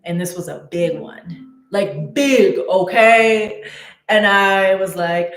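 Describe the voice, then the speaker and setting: A woman's voice: mid-range voice, takes it slowly, roomy sound. A woman telling a personal story in a casual, chatty way, with many fillers and restarts. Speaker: spiritual content creator.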